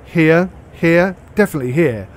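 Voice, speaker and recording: A man's voice: a little high, lively intonation, moderate pace. A British man giving a casual, rambling commentary on a train game as he plays, thinking aloud. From United Kingdom. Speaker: game reviewer.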